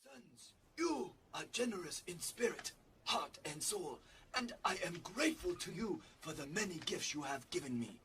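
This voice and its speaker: An actor playing a very old, gentle male rat master who speaks slowly and solemnly in a holiday TV special. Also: high voice, sing-song, recorded from a distance, background noise. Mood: grateful. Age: older. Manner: slow, frail, solemn speech.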